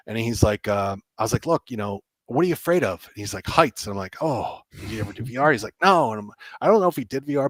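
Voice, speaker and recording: A man, a game developer guest on a podcast, telling an animated story and acting out the dialogue with lots of restarts. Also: lowish voice, no room sound. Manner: excitable, acts out quoted dialogue, many restarts.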